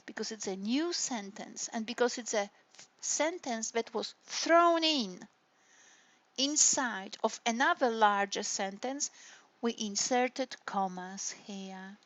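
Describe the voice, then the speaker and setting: A woman's voice: a little high, slow pace, a bit bright. A woman lecturer explaining step by step, often checking in with her listeners with "right?" and "hey?". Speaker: university lecturer. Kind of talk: recorded online lecture on intonation. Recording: dull lo-fi lecture recording.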